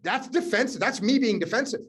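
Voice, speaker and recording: A man's voice: very high voice, lively intonation, fairly quick, a bit bright, husky. A man hosting a live leadership coaching session, telling stories in a direct, emphatic way and repeating key words.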